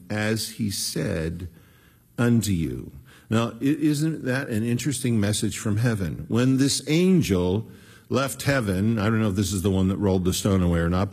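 A man's voice: on the low side, a little mellow, slightly rough. A man preaching a conversational Bible-teaching sermon, slipping into the voices of the people he quotes. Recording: long hall reverb.

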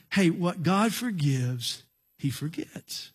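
Husky high-voiced male pastor preaching. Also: animated. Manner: earnest, slow emphatic phrasing with storytelling asides. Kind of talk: sermon.

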